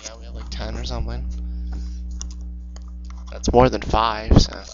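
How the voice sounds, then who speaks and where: A man co-hosting with sarcastic, casual commentary, swinging from mumbles to loud outbursts. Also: fairly low pitch, flat delivery, measured pace. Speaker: co-host. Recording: dull lo-fi recording.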